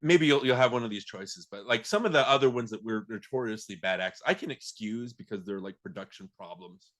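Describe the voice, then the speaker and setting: A man's voice: lowish voice, brisk, a bit bright. A man hosting a podcast, talking casually and laughing as he acts out movie lines. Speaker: podcast host.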